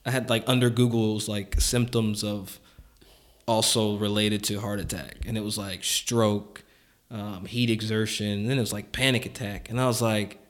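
A man's voice: lowish voice, little pitch movement, moderate pace. A man hosting a casual chat, telling a personal story candidly with lots of "like" fillers and frequent chuckles.

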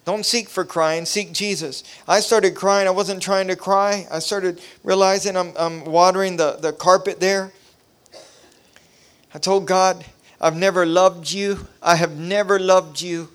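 A man's voice: high-pitched, steady tone, measured pace, clear, resonant tone. A man preaching a revival sermon, telling his own testimony with impassioned, repetitive preacherly cadence. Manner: impassioned, rising to near shouting. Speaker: pastor.

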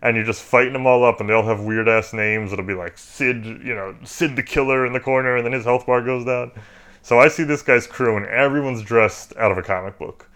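A man's voice: mid-range voice, brisk, a bit bright. A man co-hosting a casual movie review podcast, rambling and joking with many fillers. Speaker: podcast co-host.

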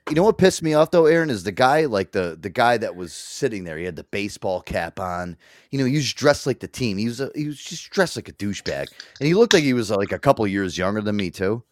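A man hosting a talk show, telling a story in a loose, profane, animated way. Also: fairly low pitch, fast talker, dry recording, studio quality. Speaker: radio show host. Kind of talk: casual chat.

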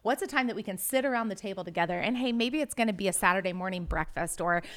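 A woman's voice: medium pitch, fast, fairly bright tone. A woman co-hosting a podcast as a pastor, speaking in an encouraging, agreeable way. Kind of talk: casual podcast chat.

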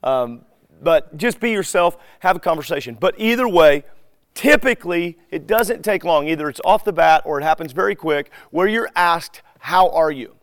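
A man teaching a live group in a relaxed, conversational way. He acts out bits of everyday dialogue as he tells his stories. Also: on the high side, normal speed, no room sound, clean studio sound. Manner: animated storyteller who acts out dialogue.

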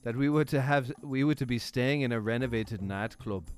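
A man's voice: medium pitch, normal speed, a little mellow, faint music behind, close to an everyday voice. A man reading a hotel complaint in a put-on British accent, as a stiff male reviewer. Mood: prim. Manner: reading a complaint aloud, stifled laughs.

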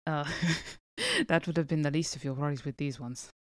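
Giggly, low-voiced woman player. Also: huge pitch swings, normal speed, no room sound. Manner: giggly, encouraging. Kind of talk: casual tabletop play.

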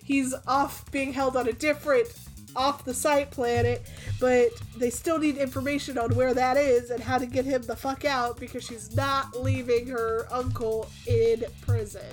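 A woman's voice: sits high, flat delivery, faint music behind. A young woman casually recapping a tabletop game session, swearing freely, laughing and slipping into quoted voices. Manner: fast, profane, giggly recap with quoted voices. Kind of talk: casual chat.

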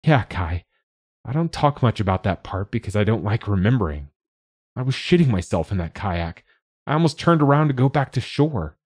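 A man's voice: fairly low pitch, very animated, normal speed, a little mellow, husky. A man reading the part of a supportive middle-aged father who gives his child an earnest pep talk. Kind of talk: audiobook dialogue.

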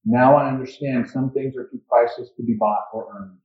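A man's voice: mid-range voice, fairly even intonation, a little fast, lightly acted. A man reading a grieving old pearl diver. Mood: earnest. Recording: dull echoey church recording.

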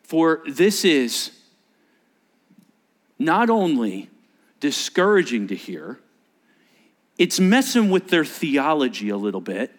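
A man preaches a sermon with an animated delivery. His voice sits a little high and swings widely in pitch. He acts out the quotes in changing voices. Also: slow, pauses often. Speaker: pastor.

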